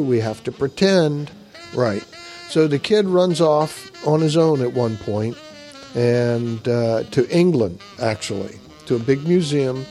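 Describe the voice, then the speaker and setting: A man's voice: medium pitch, darkish tone. A man casually recapping a comic book story in a rambling way, with frequent uhs.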